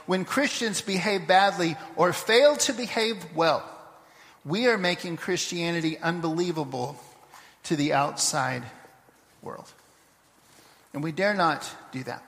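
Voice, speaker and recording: High-voiced pastor preaching in a reverberant church. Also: male voice, fairly bright tone. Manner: conversational preaching, storytelling with restarts. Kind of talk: sermon. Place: church sanctuary.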